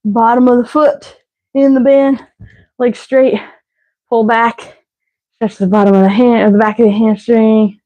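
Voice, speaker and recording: A woman's voice: on the high side, little pitch movement, a little slow, long pauses, mellow, low-quality recording. A woman leading a live workout as fitness instructor, counting reps and cueing stretches while out of breath. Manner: counting reps, breathy and winded between cues.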